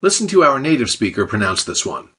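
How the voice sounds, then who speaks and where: A man teaches a language lesson in scripted narration, his voice a touch husky. His pitch moves a lot as he explains each point and drops the odd dry joke. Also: sing-song, fast, a bit bright. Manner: explanatory, with light dry jokes.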